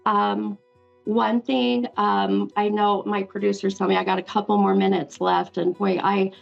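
Gravelly-voiced woman medium calling everyone hun. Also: medium pitch, little pitch movement, unhurried, highs cut off, faint music behind. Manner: affectionate, keeps calling the caller hun. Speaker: psychic medium show host. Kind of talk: live call-in spirit reading.

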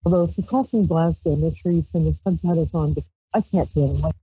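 A woman's voice: deep voice, fast, breathy edge, no echo. A woman from Brooklyn, hosting a psychic call-in radio show in a rambling, playful way and reading tarot cards on a handheld mic. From Brooklyn, New York. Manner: rambling, chatty, playful with squealed exclamations. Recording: dull lo-fi dry stream audio.

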